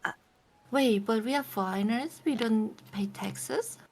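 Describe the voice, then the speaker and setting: A woman streaming a game, reading its dialogue aloud in a hushed half-whisper between casual remarks. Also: on the high side, unhurried, a little hiss or hum.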